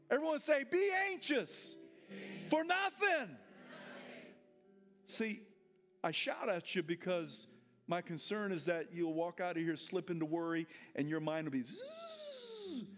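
A man preaching a sermon in church, leading the congregation in call and response and building up to shouted lines. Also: sits high. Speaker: pastor.

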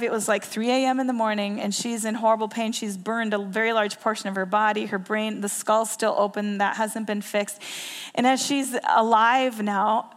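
A woman preaching a sermon, telling a story in earnest and repeating key phrases for emphasis. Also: medium pitch. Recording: long hall reverb.

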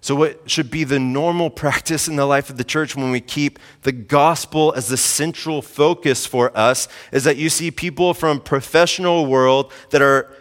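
A man's voice: on the high side, steady tone, normal speed, few pauses. A man in his thirties, a pastor preaching in a casual, conversational way, often saying "like" and repeating himself for emphasis. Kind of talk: sermon. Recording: hall reverb.

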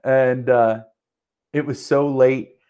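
A man chatting casually and swearing freely as he rambles through a story. His voice sits at an ordinary middle pitch, and he keeps the tale rolling with restarts and asides. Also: steady tone, slow pace, mellow, smooth. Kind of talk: casual chat.

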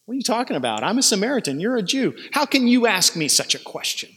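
A woman's voice: medium pitch, very animated, quick pace, a bit bright, breathy edge, voice pushed up. A man preaching who voices a defensive, sarcastic woman at a well, with mocking retorts. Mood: defiant. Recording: long hall reverb.

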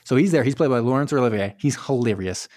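A man's voice: medium pitch, lively intonation, fast, darkish tone, dry recording, studio quality. A man co-hosting a casual movie recap chat, rambling and joking as he acts out the characters' lines. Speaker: podcast co-host.

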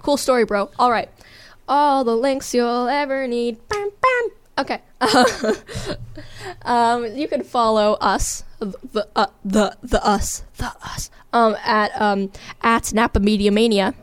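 A woman's voice: on the high side, slow pace, no echo. A young woman, a teenage podcast co-host, chatting in a giggly, rambling and self-mocking way. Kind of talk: casual podcast chat.

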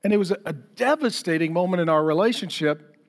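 A man's voice: high-pitched, expressive, quick pace, big-room sound. A middle-aged man preaching a sermon as a pastor, conversational and self-deprecating, often acting out quoted dialogue.

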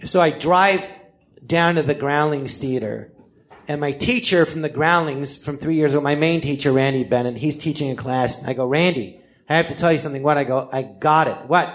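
A man's voice: a little high, brisk. A man, a comedian, telling his life story on a live podcast, acting out the voices of the people in it and swearing freely. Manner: animated, acts out other people's voices in quotes; swears freely, self-deprecating. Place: theater stage before a live audience.

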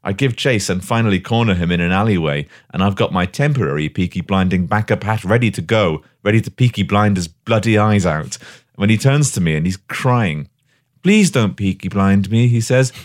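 A young man telling a mock-dramatic comic story, animated and swearing. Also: lowish voice, a little fast. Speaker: podcast host.

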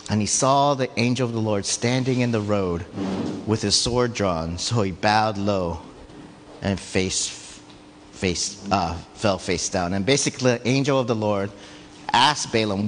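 A man preaching a sermon, retelling a story in a lively, conversational way with frequent asides. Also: fairly low pitch, measured pace, a little hiss or hum. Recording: long hall reverb.

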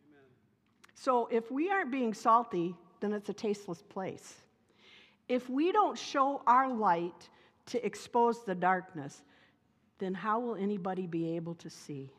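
A middle-aged woman pastor giving a sermon, telling personal stories in a lively, playful way. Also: medium pitch, a little slow. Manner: lively, animated storytelling with playful humor. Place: church sanctuary. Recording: reverberant church sanctuary.

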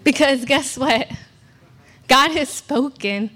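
A young woman from California is a guest preacher delivering a sermon at a church service. Her voice is high-pitched with a fairly bright tone, and she speaks slowly, earnest and emphatic, with self-deprecating asides.

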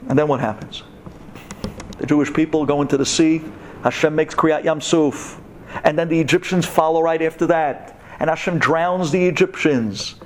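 A man's voice: on the high side, steady tone, moderate pace, slight background noise. A man giving a humorous Torah talk to a women's audience, telling the story with jokes and acted-out scenes. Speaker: Torah teacher.

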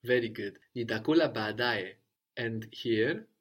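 A man's voice: medium pitch, a little slow. Patient man teaching a language. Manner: patient, repeats and praises answers. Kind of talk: guided language lesson.

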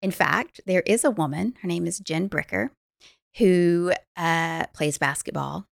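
Woman life coach, podcast guest; animated storyteller with fry, recorded dry and close. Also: fairly low pitch, a little slow, no echo. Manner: animated storyteller, laughs easily. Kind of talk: podcast conversation.

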